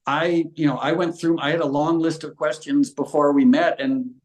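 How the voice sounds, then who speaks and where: A man's voice: fairly high pitch, fairly even intonation, normal speed. Earnest middle-aged man in a roomy space. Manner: earnest, impassioned and frank. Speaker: guest. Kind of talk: conversational interview. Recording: roomy echo.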